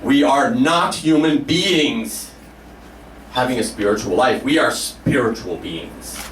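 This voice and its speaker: A man voicing a grand, commanding woman talk-show host who speaks slowly and preachily, recorded live in a roomy space. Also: expressive, fairly bright tone, slight background noise. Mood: solemn. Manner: slow, booming, preachy delivery. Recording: roomy live room from a distance.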